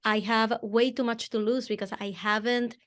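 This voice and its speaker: A woman hosting a podcast interview, asking questions at a slow, deliberate pace. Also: a little high, fairly even intonation. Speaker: podcast host. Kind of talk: conversational interview.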